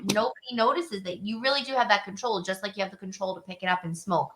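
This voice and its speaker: A woman's voice: medium pitch, fast talker, background noise. A woman in casual conversation, speaking earnestly and acting out quotes. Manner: earnest, animated quoting. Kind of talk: casual panel chat.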